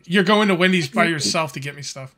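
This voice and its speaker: A man's voice: a little high, fairly quick, bright, forceful tone. A man hosting a multiplayer game session, teasing and needling his friends in casual chat. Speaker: gaming channel host.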